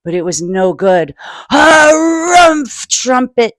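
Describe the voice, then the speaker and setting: A woman's voice: mid-range voice, lively intonation, no echo. A woman reading a picture book aloud to children and adding her own asides. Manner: slow, adds asides for children.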